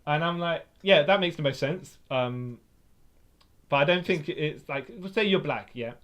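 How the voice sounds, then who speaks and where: A man, co-hosting a podcast in casual chat, laughing often and agreeing quickly. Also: fairly high pitch, fairly bright tone. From Britain. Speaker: podcast co-host.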